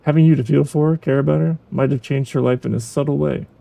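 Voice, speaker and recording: A man voicing a calm, encouraging male supervisor in a game, speaking in a measured way. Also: mid-range voice, creaky. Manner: measured, reassuring. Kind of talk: reading a game's dialogue aloud.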